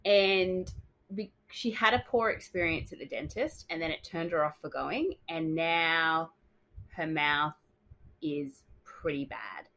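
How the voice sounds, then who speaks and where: A young adult woman co-hosting a casual podcast, telling a story with lively quoted dialogue. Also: low-pitched, slow, poor audio. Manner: animated storytelling, acts out quotes. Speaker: dental hygienist podcast co-host. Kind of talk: casual chat.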